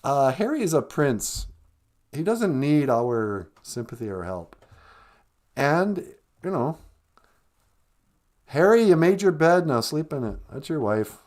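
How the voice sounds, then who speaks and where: A man's voice: a little high, very animated, slow, pauses often, darkish tone. A man hosting a casual live stream, joking and teasing in a playful way.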